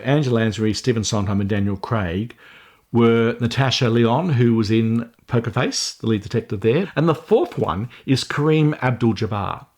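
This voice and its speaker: A man's voice: mid-range voice, moderate pace, darkish tone. A man co-hosting a film podcast in casual chat, rambling with restarts and self-deprecating jokes. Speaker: podcast co-host.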